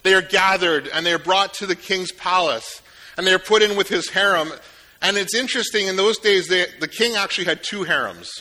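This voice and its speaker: A man preaching a sermon in a relaxed, conversational way, retelling a story with joking asides. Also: high-pitched, brisk. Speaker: pastor.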